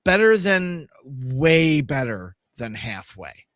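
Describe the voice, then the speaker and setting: A man's voice: mid-range voice, very animated, slow, a bit bright, no echo, studio quality. A middle-aged man co-hosting a podcast, telling a road-trip story casually, swearing and making sound effects. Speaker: podcast co-host.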